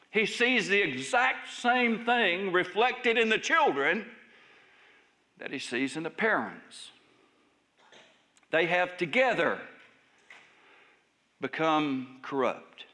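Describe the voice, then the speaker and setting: A male pastor preaching a sermon in a church service, emphatic and raised at times, then dropping to soft, hushed lines. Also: high voice.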